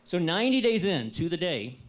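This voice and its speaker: An American man talks to an audience with a slightly high voice. He tells a personal story in a lively, self-deprecating way. He makes jokes along the way. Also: fairly quick. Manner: lively, self-deprecating and humorous, acts out his own past dialogue. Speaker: entrepreneur giving a talk.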